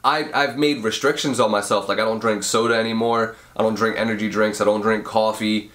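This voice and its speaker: A man's voice: on the low side, fairly even intonation, fairly quick, fairly bright tone. A young man hosting a casual advice podcast while sick with a cold, sniffling and nasal, talking through a mouth he can't fully open. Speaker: podcast host.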